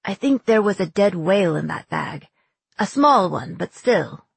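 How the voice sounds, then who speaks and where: A woman's voice: lowish voice, expressive, measured pace, vocal fry, husky, dry recording, exaggerated voice. A woman doing a joking young sailor man. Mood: teasing.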